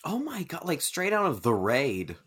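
A woman's voice: low voice, wildly swooping pitch, normal speed, fairly bright tone, breathy edge. A woman co-hosting a casual film podcast, enthusiastic and jokey, often breaking into laughter. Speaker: podcast co-host. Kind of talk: casual film-review chat.

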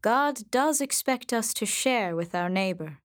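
A woman's voice: fairly high pitch, animated, unhurried, no room sound, clean studio sound. A woman doing a worried, reasoning father. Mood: earnest. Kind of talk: storybook reading.

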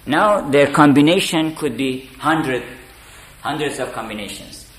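A man giving a spoken lecture on poetry, deliberate and halting with many fillers. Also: fairly high pitch, animated, noisy background. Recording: echoey room.

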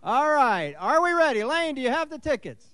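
A man's voice: very high-pitched, very animated, normal speed, pushed and bright, no room sound. A man hosting a raffle at a live event, chatty and fumbling with good humor.

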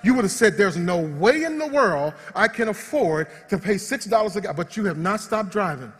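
High-voiced preaching man in a reverberant hall. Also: animated, normal speed, breathy edge. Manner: preacherly, swings from shouted praise to hushed asides. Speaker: pastor. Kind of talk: sermon.

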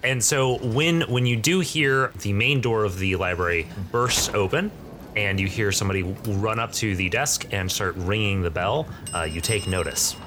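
Game master narrator, rambling and casual, with faint background hiss. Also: male voice, fairly low pitch, normal speed, sharp tone. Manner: rambling, many fillers.

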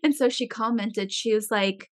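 A young woman in casual chat, telling stories with a voice that swings up and down and turns shrill when excited. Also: normal speed.

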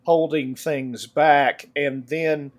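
A man talking in casual conversation, halting and trailing off as he thinks. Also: a little high, fairly even intonation. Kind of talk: casual chat.

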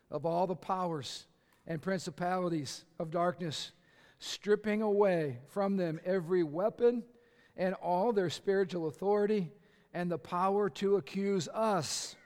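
Male pastor, impassioned sermon, very high voice, echoey church hall. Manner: impassioned, building to shouts. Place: church sanctuary.

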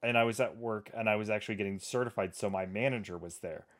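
A man's voice: fairly low pitch, fast. A man hosting a book club podcast, chatting casually and telling stories with enthusiasm. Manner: enthusiastic, storytelling. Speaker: podcast host.

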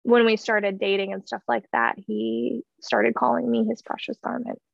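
A woman's voice: fairly high pitch, fairly even intonation, moderate pace, vocal fry, lo-fi sound. A woman in her thirties telling a heartfelt personal story in an earnest way, with many fillers and restarts. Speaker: guest sharing her story.

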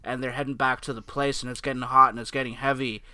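Young male co-host, bright forceful tone, relaxed filler-heavy delivery, dry sound. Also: medium pitch, quick pace, no room sound. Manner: laid-back, filler-heavy, ends with "right?". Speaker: podcast co-host. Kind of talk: casual chat.

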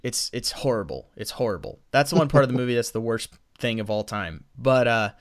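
A man's voice: medium pitch, expressive, brisk. A man from the American South co-hosting a podcast, chatting casually and rambling with lots of restarts as he gives his movie opinions. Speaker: podcast co-host. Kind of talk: casual movie review chat.

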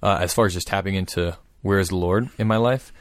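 A man calmly explaining a prayer practice in casual conversation. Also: low-pitched, fast talker, no room sound. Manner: thoughtful, explanatory, steady.

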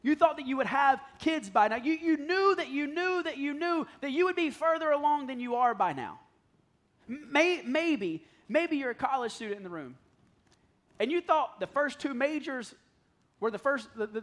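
A high-voiced man in his thirties gives a raw, confessional sermon to a church congregation. He drops to near-whispers and then climbs to loud, pleading peaks as he talks straight to the room. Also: animated, normal speed. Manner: candid, swings from hushed to loud and pleading. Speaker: pastor. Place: church hall.

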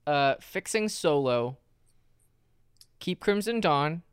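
A man's voice: on the high side, expressive, takes it slowly, smooth, no room sound, studio quality. A man co-hosting a casual podcast, telling stories emphatically and swearing freely. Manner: profane, emphatic storytelling. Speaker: podcast co-host. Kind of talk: casual fan chat.

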